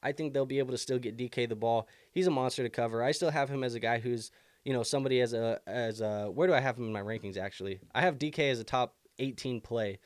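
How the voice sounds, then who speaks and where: On a live fantasy football stream, a young man with the hiccups answers viewers' questions casually, thinking aloud and using many fillers. He talks at a quick pace in a medium pitch, and there's no room sound.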